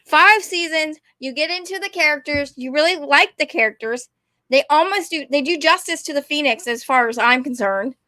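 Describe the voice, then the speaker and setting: A young woman with a drawl rambles through a casual rant, often apologizing and putting herself down. Her voice is high and bright. The sound is dry and close. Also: normal speed, dry recording. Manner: rambling, apologetic, self-deprecating. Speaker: vlogger.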